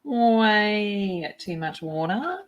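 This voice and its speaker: A woman hosting a coloring livestream, chatting casually and excitedly greeting her viewers by name. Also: medium pitch, very slow, muffled recording. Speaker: art livestream host.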